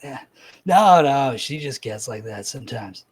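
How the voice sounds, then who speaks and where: A man's voice: mid-range voice, lively intonation, a little slow, slightly rough. A man running a tabletop game as dungeon master, narrating in a loose way that is full of filler words.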